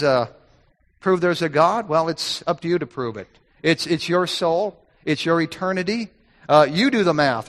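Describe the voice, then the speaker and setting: A man's voice: high-pitched, fairly bright tone, big-room sound. A man preaching a sermon, emphatic, repeating key phrases and quoting scripture in old-fashioned wording.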